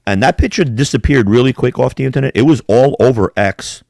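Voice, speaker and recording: A man's voice: medium pitch, fairly quick, gravelly, a little mellow, dry recording, studio quality. A man co-hosting a podcast, chatting casually with rambling, profane talk. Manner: profane, rambling, does mocking impressions. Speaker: podcast co-host. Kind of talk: casual chat.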